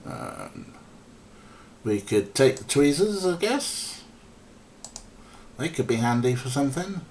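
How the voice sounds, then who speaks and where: A man's voice: medium pitch, very animated, takes it slowly, creaky, a little mellow, a little hiss or hum. A man casually commentating a game stream, rambling and mocking, with lots of ums and swearing. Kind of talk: casual let's play commentary.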